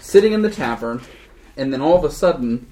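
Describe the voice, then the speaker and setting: Animated young man recapping a game. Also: medium pitch, brisk, background noise. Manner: animated, jokey, slangy. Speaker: podcast host recapping a game session. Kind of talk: casual storytelling recap.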